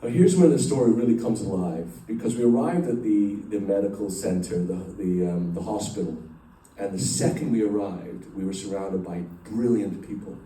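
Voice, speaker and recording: Rambling man with a mellow voice in a roomy hall. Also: on the low side, moderate pace, few pauses, a little hiss or hum. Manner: rambling, self-deprecating, many fillers and restarts. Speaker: speaker addressing a company group. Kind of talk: emotional personal storytelling to an audience. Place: large room with a live group. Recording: echoey room, voice picked up from a distance.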